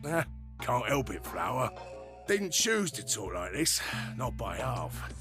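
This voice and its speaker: A cheeky male robot laborer with a Cockney accent, talks in slangy, grumbling asides. His pitch leaps and dips all over. Game music plays clearly behind him. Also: very animated, slow pace. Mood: aggrieved. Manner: slangy, chatty, complaining. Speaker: video game character.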